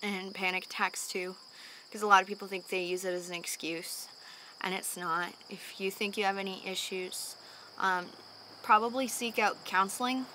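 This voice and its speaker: Earnest young woman with a bright voice. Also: medium pitch, fairly even intonation, moderate pace, slight background noise. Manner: earnest and open, with frequent sighs and fillers. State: calming down after a panic attack. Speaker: vlogger. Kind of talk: candid personal talk to camera. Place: at home in the evening.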